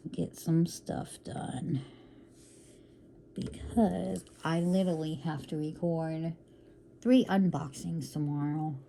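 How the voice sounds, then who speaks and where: A woman with a low, gravelly voice chats at an unhurried pace while she works on a craft project. She keeps calling her viewers y'all, drops in quick apologies and mutters to herself as she works. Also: mellow, slight background noise. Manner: chatty, calls viewers y'all, apologetic asides; talks to herself while working. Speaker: crafting vlogger. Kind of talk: casual chat while diamond painting.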